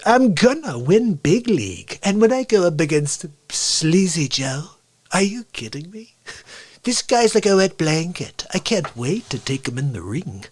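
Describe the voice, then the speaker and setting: A man's voice: on the high side, sing-song, unhurried, husky, full character voice. A man doing a brash, boastful president impression. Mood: gloating. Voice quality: clipped, bragging catchphrase delivery. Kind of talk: live comedy stream impression.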